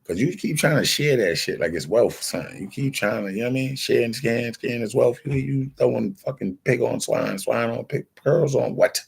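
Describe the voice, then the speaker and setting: A man's voice: mid-range voice, moderate pace, gravelly, few pauses, slightly rough. A man hosting a casual livestream who rants insistently in streetwise slang and acts out the exchanges he retells. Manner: streetwise slang-heavy storytelling, acting out quoted exchanges; insistent, defensive. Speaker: livestream host.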